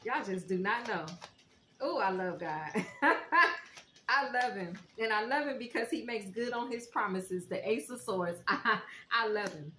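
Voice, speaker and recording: A woman giving a heartfelt spiritual tarot reading, talking straight to her viewers in a preacherly way and sometimes softly singing. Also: mid-range voice, lively intonation, moderate pace. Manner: emotional, preacherly, breaks into soft song. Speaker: tarot reader. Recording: echoey room with faint noise.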